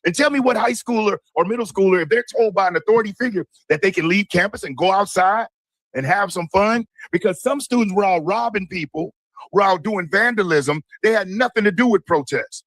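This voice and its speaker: High-voiced emphatic male commentator. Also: a little fast, fairly bright tone, no room sound. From Michigan. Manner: emphatic, indignant. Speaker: host. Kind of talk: political commentary.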